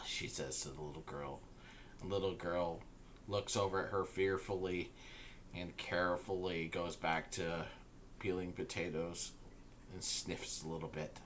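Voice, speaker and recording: A man's voice: low voice, fairly even intonation, unhurried, fairly bright tone, a little hiss or hum. A man narrating a tabletop game as game master, searching for words with many fillers.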